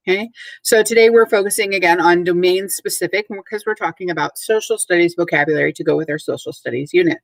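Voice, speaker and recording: A woman with a lowish voice teaches a recorded vocabulary lesson to third graders at a fast pace. She speaks clearly and spells words out letter by letter, and the recording is dry and rough.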